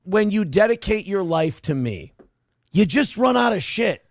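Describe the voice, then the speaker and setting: A man's voice: high voice, very animated, unhurried, no room sound, clean studio sound. A man hosting a talk radio show, mocking and lecturing in banter. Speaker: radio show host in a played clip.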